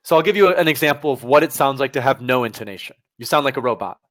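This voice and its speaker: Energetic man teaching test prep. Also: medium pitch, fast. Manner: energetic, direct, addresses viewers as guys. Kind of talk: live-stream lesson.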